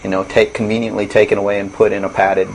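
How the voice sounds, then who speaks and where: A man interviewing, asking halting, searching questions. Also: lowish voice, little pitch movement, a little hiss or hum, rough recording. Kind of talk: recorded interview.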